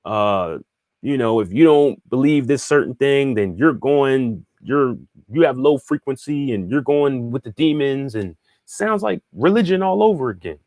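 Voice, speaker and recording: A man talks through a spiritual lesson in a loose, conversational flow, repeating himself and restarting phrases as he thinks aloud. He keeps checking in with the listener as he goes. His voice sits at a middling pitch, and the sound is dry and close. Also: lively intonation, a little slow, a little mellow, dry recording. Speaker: spiritual teacher and astrologer. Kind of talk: casual teaching monologue, answering viewer questions.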